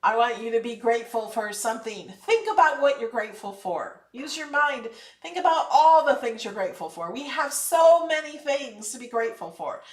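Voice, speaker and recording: Woman host for a live craft tutorial: upbeat, chatty, encouraging, pitched a bit high, a little off-mic. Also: animated, moderate pace, hardly any pauses, echoey room, far from the mic. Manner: chatty, upbeat, encouraging, emphatic when advising.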